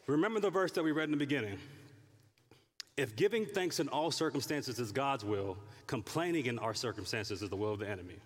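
A male pastor preaching a lively sermon, acting out people's prayers and complaints in different voices. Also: medium pitch, quick pace, big-room sound. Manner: animated, acts out prayers and complaints in character voices.

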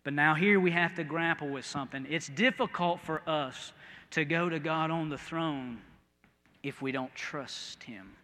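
Folksy Midwestern pastor, man, high and very bright tone, sermon in a reverberant church. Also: unhurried. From American Midwest. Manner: folksy, storytelling, swings from quiet to loud. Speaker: preacher.

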